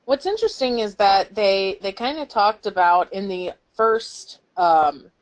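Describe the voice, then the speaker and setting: A woman co-hosts a fan podcast, chatting casually in a mid-range, expressive voice at an unhurried pace. She rambles and acts out quotes with a laugh.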